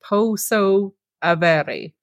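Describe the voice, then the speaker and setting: A woman's voice: medium pitch, drawn-out words, dry recording. A young Irish woman co-hosting a casual travel podcast, chatty and full of fillers. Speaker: podcast co-host. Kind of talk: casual chat.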